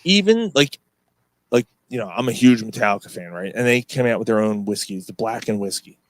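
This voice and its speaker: A man's voice: lowish voice, animated, fairly quick, dry recording. A man co-hosting a podcast, telling stories in a rambling way with lots of fillers and swearing. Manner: rambling storyteller, swears often, many fillers. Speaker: podcast co-host. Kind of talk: casual pub-style chat.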